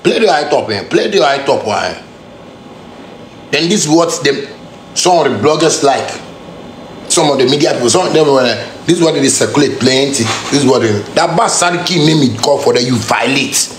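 This time the musician's pitch is medium, animated and fairly quick, as he keeps up his heated, confrontational rant to camera in Ghanaian Pidgin English, heavy on street slang and repeated lines. The room echoes, with slight background noise.

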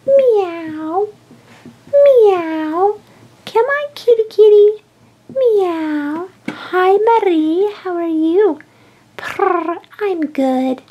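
A sweet little kitten toy , played by a woman, meows and purrs between her words in a toy play story. Her voice is high and soft, drawn out at a slow pace. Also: expressive, highs cut off, exaggerated voice. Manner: meowing and purring between words.

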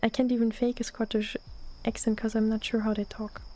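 A young German woman with a German accent, chatting softly and often half-whispering in a relaxed ASMR gaming stream, close to the mic. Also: on the high side, brisk. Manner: often half-whispered, relaxed, answers chat between gameplay. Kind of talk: soft-spoken ASMR gaming stream chat. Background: faint lo-fi music.

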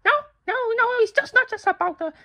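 A woman voicing a pushy female crow tengu newspaper seller in a comedic phone call skit, speaking hurried, broken English with eager repetitions. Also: very high voice, creaky, bright, forceful tone, exaggerated voice. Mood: exasperated. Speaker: phone salesperson.

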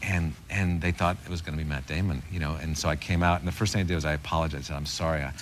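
A man's voice: extremely low pitch, racing. A middle-aged man, a talk show guest, telling an anecdote with a lot of laughter in his voice. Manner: animated, laughing through punchlines. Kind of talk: anecdotal storytelling. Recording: noisy TV studio recording.

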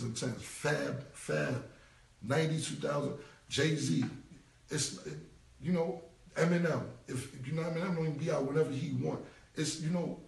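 A man's voice: fairly high pitch, vocal fry, a little mellow. A forty-year-old man, talking bluntly and repetitively in heavy slang as an interview guest. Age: 40s. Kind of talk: casual interview talk. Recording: roomy, distant from the mic.

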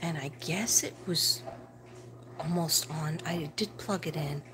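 An older woman hosts a late-night livestream from her home, rambling casually and often sinking to a near whisper. Her voice sits low and her pace is unhurried. A faint hum of room noise sits behind her. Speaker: livestream host.

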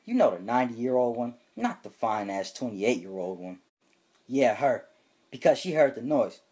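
A young man telling a comedic, profane story for his vlog, reading chat screenshots aloud with loud, animated bursts. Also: mid-range voice, normal speed, husky.

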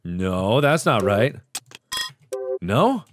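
A young man giving commentary on a horror game, drifting between low mutters and sudden yells. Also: big pitch swings, extremely slow, slight background noise. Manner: jumpy, swings from mutters to yells. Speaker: gaming video host.

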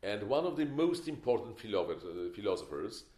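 A man's voice: lowish voice, big pitch swings, fairly quick, darkish tone. An older man giving a film masterclass, opinionated and emphatic, with wry stories. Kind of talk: masterclass lecture. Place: lecture hall. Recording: echoey lecture hall.

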